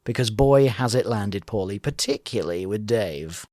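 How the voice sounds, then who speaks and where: A co-host trades wry, opinionated remarks in casual chat, and the pitch swings lively up and down. The sound is dry and close, with no room echo. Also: normal speed. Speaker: co-host of a reality show reaction podcast.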